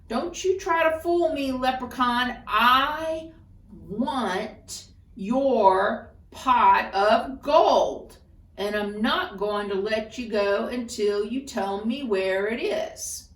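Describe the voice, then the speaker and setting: A woman's voice: on the high side, drawn-out words, far from the mic. A woman voicing a stubborn young man who speaks firmly and insistently in a folktale. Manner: firm, insistent. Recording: roomy echo, voice off-mic.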